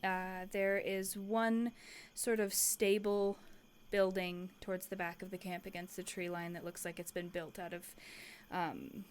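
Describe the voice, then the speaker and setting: A woman's voice: on the low side, level tone, a little slow, few pauses, slight background noise. A woman narrating a tabletop game as game master, casual, with many fillers and restarts.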